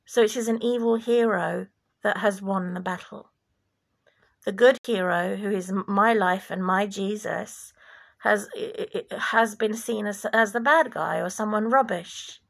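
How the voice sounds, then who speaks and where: A woman from former Yugoslavia delivers a slow, deliberate religious monologue with a preachy edge. Her voice is deeply gravelly and creaky, and she speaks at an unhurried, measured pace, sometimes sinking into a whisper. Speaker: vlogger.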